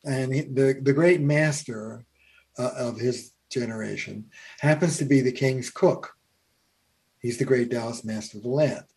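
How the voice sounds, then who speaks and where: A man's voice: mid-range voice, darkish tone. A man who is a family therapist, speaking as a guest in a reflective conversation with frequent hesitations. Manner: many halting fillers and restarts.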